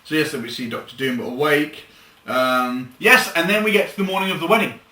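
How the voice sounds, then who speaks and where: A man's voice: on the high side, expressive, brisk, sharp tone. A young man co-hosting a casual film review, rambling with fillers and giggling. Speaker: co-host of a film review show. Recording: echoey room, mic at a distance.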